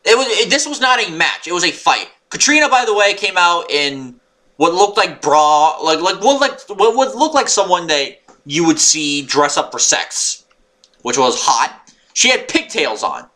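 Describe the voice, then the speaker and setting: A man rambling through a wrestling show review, excitable and swearing, sometimes yelling when annoyed. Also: high voice, unhurried. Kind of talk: unscripted recap monologue.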